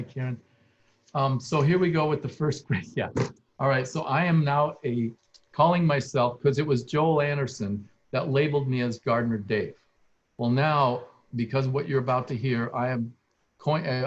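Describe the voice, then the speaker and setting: A man's voice: mid-range voice, dull audio. Tearful older man telling stories. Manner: emotional, rambling, with frequent restarts. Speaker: guest speaker, landscape architect. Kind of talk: heartfelt personal storytelling.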